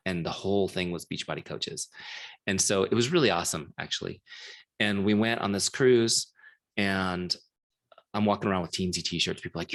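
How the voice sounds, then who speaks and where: Chatty, low-voiced middle-aged man teaching. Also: fairly bright tone. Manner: casual, chatty, frequent "like" and rhetorical checks. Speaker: trainer. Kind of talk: live training talk with a story.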